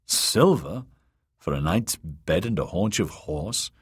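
A sardonic knight with a dry, mocking turn of phrase, read by a man. His voice is husky and lively in pitch. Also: takes it slowly, exaggerated voice. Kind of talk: audiobook character voice.

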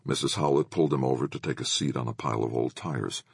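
Very deep gravelly male narrator. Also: quick pace, no echo, clean studio sound. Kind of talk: audiobook narration.

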